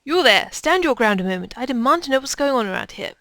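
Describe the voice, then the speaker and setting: A woman's voice: a little high, big pitch swings, quick pace, bright, forceful tone, dry recording, clean studio sound, heavily acted. A woman voicing a haughty female merchant official in a pompous put-on accent. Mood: indignant.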